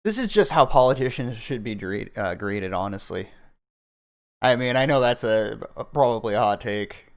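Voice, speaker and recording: A man's voice: medium pitch, animated, moderate pace. A man hosting a livestream, ranting angrily and crudely at the news with rhetorical questions. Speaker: livestream host. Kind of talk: profane political commentary stream.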